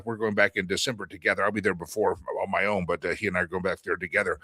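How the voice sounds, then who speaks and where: A middle-aged man hosts his own talk show and makes a long, earnest appeal for charity. He talks in a rambling, folksy way that turns preacher-like, and his tone is bright and forceful. The recording is dry and close to the mic. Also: low voice, flat delivery, rapid-fire, few pauses, slightly rough, no echo. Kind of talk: casual appeal for charity donations.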